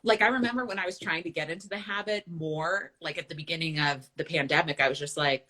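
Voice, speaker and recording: Bright, lower-pitched chatty woman. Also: quick pace, few pauses. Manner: candid, chatty, fills with "like" and "right?". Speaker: nutritionist and host. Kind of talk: casual chat.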